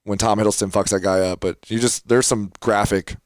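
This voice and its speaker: A man's voice: lowish voice, steady tone, a little fast, no echo. A young man on a casual movie podcast, rambling and laughing often into a close mic. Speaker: podcast co-host.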